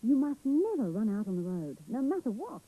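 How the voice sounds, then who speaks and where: A man's voice: extremely high pitch, very animated, brisk, dark tone, exaggerated voice, rough recording. A woman doing a careful storybook dad. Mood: firm. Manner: firm, cautioning. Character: gentle careful dad, adult man.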